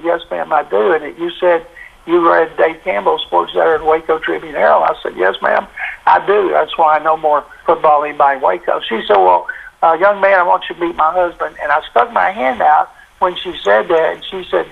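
Older man with a gravelly phone voice. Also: on the high side. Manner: folksy, animated retelling with quoted dialogue. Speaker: interview guest, sportswriter. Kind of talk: anecdotal storytelling. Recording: tinny phone line.

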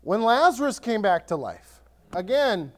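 This pastor's sermon comes across lively and conversational; he frequently starts sentences over and dramatizes passages of scripture. He has a high-pitched voice and talks a little slowly.

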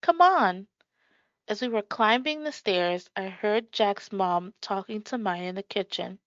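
A woman reading a first-person children's story aloud in a calm, measured storytelling voice. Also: medium pitch, no echo. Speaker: audiobook narrator. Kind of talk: first-person audiobook narration. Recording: dry, slightly muffled.

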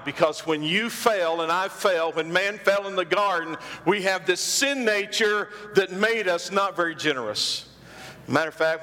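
Preaching in the sanctuary, a pastor speaks with a high, ringing, bright voice, echoing his phrases for emphasis and asking the congregation questions. Every line trails off into long reverb in the sermon.

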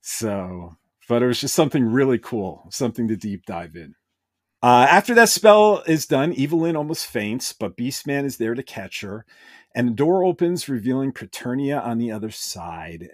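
A man's voice: on the low side, no room sound, studio quality. Enthusiastic man recapping a show. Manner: enthusiastic, retells scenes with brief quoted voices. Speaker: podcast host. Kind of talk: casual episode recap.

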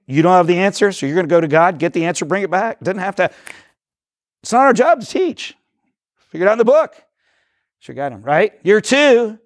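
A man giving a teaching talk to a live audience, energetic and rambling, often correcting himself and acting out little dialogues. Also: high voice, no echo, clean studio sound. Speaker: discipleship workshop speaker.

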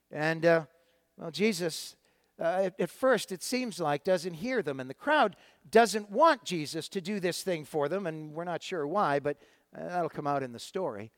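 A man's voice: a little high, no echo. A man preaching a sermon to his congregation, retelling a Bible story in a conversational way with frequent fillers and restarts. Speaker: pastor.

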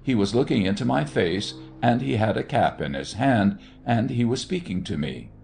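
A man reading a first-person tale in a measured, conversational manner. His voice sits low with a gravelly edge, and his pitch moves a lot as he tells the story. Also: soft background music. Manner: measured, conversational, with animated dialogue. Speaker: audiobook narrator.

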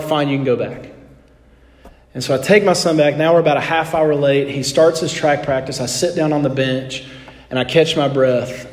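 A middle-aged man preaching a sermon, telling a personal story in an animated way and acting out both sides of the dialogue. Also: a little high. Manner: animated anecdote, acting out dialogue, drops to soft tones. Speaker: pastor. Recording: long hall reverb.

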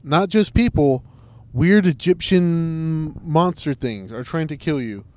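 A man's voice: a little high, lively intonation, slow, a little mellow. A young man in casual, profane chat, sarcastic and mocking, ranting about a show. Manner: crude, sarcastic, mocking, does silly impressions.

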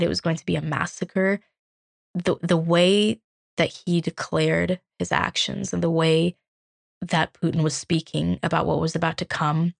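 A young woman from Ukraine, a podcast host, telling a personal story in an earnest, reflective way with halting restarts. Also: lowish voice, creaky, dry recording.

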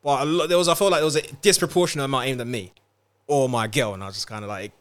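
A man's voice: medium pitch, rapid-fire, clean tone. Laid-back man telling his story. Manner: relaxed, many fillers like "like" and "um". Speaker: podcast guest, author. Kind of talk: casual interview chat.

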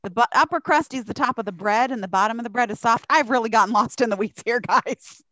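A woman's voice: on the high side, quick pace, no room sound, lo-fi sound. A woman co-hosting a podcast, ranting casually and profanely about politics. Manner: profane, animated storytelling. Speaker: podcast co-host.

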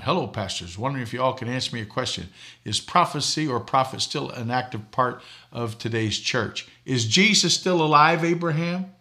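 An older man from Boston preaches in a gravelly voice with a bright edge. He tells folksy stories and chuckles at his own jokes while he hosts a talk show. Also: mid-range voice. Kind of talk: preaching talk show answering viewer questions.

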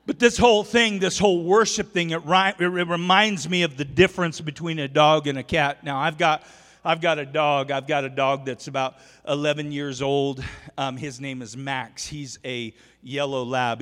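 A man with a high, bright voice preaches to a congregation in a church sanctuary. He tells homely stories and jokes with his listeners. His words ring out with a long hall reverb. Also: steady tone, moderate pace. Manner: folksy storytelling, joking with the congregation. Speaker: pastor. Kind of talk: sermon.

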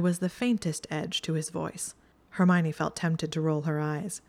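A woman with a low voice narrates a story in an even, steady way. She reads it aloud like an audiobook. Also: moderate pace, gravelly. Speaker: reader. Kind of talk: fan fiction audiobook narration.

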